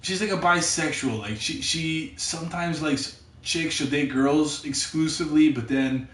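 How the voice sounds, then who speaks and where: A man's voice: a little high, unhurried, distant mic. Rambling, swearing man in an echoey room. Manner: rambling, swears constantly, repeats himself, grows loud and excited. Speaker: podcast storyteller. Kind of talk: casual profane storytelling.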